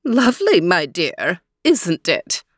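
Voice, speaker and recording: A woman voicing an evil queen disguised as a squeaky old woman, who talks in a falsely sweet, wheedling way. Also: huge pitch swings, takes it slowly, a bit bright, no echo, studio quality, heavily acted.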